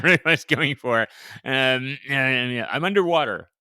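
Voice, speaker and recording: A man's voice: mid-range voice, brisk, bright, forceful tone, no room sound, clean studio sound. A man co-hosting a podcast in casual chat, joking and rambling with lots of fillers. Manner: jokey, rambling with many fillers. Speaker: podcast co-host.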